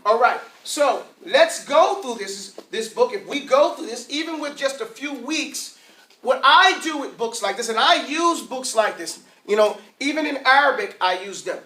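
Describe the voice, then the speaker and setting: A man with a high, bright voice leads an Arabic class, asking the group questions and having them repeat sounds after him. He stands well away from the microphone, and the classroom rings with echo. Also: normal speed. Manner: lively, asks the class questions, drills sounds aloud. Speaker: Arabic teacher. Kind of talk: classroom teaching. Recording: roomy classroom, mic far off.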